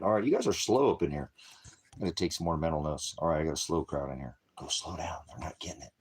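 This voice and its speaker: A man's voice: rumbling low, lively intonation, fast talker, slightly rough. A man hosting a casual livestream, rambling and joking, often breaking off to baby-talk his dogs. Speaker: livestream host.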